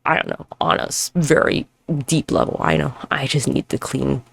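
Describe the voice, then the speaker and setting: A woman's voice: extremely low pitch, fairly even intonation, normal speed, gravelly, breathy edge, no echo. A woman in her thirties hosting a solo podcast, rambling and swearing as she reflects and jumps between topics while moving around at home. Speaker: podcast host. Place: at home with neighbors nearby.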